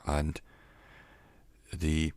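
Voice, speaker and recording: A man giving an educational talk in a measured, reflective way, pausing often between phrases. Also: a bass voice, monotone, a little mellow, clear, resonant tone, no room sound. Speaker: teacher. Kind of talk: educational monologue.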